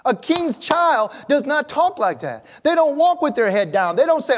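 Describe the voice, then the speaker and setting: A pastor preaching a sermon in church, animated, swinging between loud emphatic lines and low quiet ones. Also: male voice, normal speed, few pauses.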